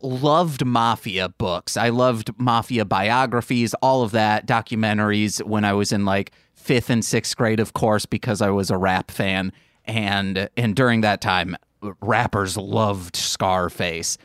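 A man's voice: lowish voice, unhurried, smooth, no room sound, clean studio sound. A young man co-hosting a podcast in casual chat, telling rambling, self-correcting anecdotes. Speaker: podcast co-host.

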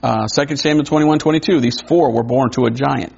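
A man preaching a sermon in a conversational way, wondering aloud and adding quick asides. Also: medium pitch, gravelly, a little mellow, breathy edge. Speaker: pastor. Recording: dull lo-fi recording.

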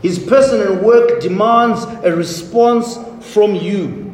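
A man's voice: high voice, slow, a little mellow, a little hiss or hum. A man preaching a sermon as pastor, with emphatic, repetitive declarations. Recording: echoey hall, faint ambience.

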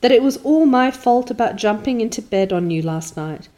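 A woman's voice: a little high, animated, normal speed, dark tone, pitched above the performer's own voice, lightly acted. A woman doing an eager dramatic orphan girl. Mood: earnest. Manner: breathless, dramatic, imploring. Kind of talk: audiobook character voice.

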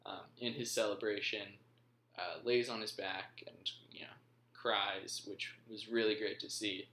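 Low, bright-voiced man recapping football. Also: steady tone, unhurried, a little hiss or hum. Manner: rambling, frequent ums. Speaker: podcast host. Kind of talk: casual football match recap. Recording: roomy echo.

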